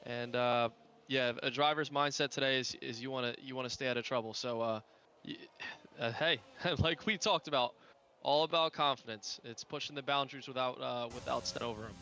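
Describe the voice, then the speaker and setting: A man's voice: medium pitch, a little fast, bright, forceful tone, clear, resonant tone, lo-fi sound. A man who is also a driver, giving live commentary on a racing game and stumbling over his words as he restarts phrases. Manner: hesitant, many restarts and fillers.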